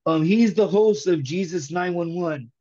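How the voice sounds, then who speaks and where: A man tells his conversion story with animated, slangy energy and keeps it in the present tense. His voice sits fairly high, and the sound is dull and lo-fi. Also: a little slow. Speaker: guest giving a conversion testimony. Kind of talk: emotional testimony in casual chat.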